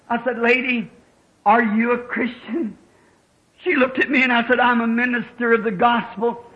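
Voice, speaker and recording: A man preaching a fervent sermon, rising to shouts as he tells stories. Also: very high voice, fairly even intonation, moderate pace. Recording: dull lo-fi old tape.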